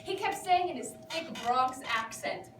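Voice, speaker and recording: An actress performing a self-absorbed, nervous young woman who rambles dramatically to her therapist, high in pitch and breaking into giggles. She sounds far from the mic in an echoey room, with noise clearly audible behind her. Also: animated, measured pace, fairly bright tone. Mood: rambling. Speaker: actor performing a monologue. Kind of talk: theatrical comic monologue.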